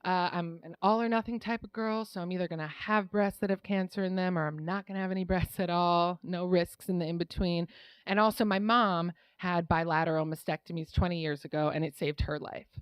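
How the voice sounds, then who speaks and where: A woman's voice: on the low side, steady tone, a little fast, smooth, no echo. A woman telling a true personal story on stage in a wry, conversational way, often laughing through her lines. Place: live storytelling venue.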